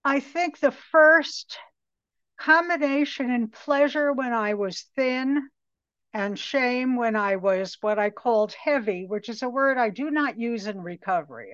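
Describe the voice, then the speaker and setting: An older woman in her late seventies shares her recovery story slowly and reflectively, with frequent pauses and ums. The recording is dry and a little dull. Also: on the high side, a bit bright, no echo. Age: 70s. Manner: slow, reflective, pausing often with ums. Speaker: recovery meeting speaker. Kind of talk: personal testimony.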